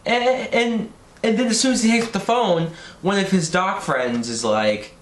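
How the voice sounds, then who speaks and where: A man giving a profane, exasperated movie review rant with animated outbursts. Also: a little high, normal speed. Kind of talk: ranting film review. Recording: roomy echo, faint background noise.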